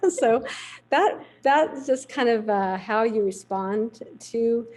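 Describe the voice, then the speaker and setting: A middle-aged woman, a veterinarian, telling a lively anecdote in a podcast interview. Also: on the high side, slow pace, rough recording. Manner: lively anecdotal storytelling, acts out quoted voices. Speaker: veterinarian guest.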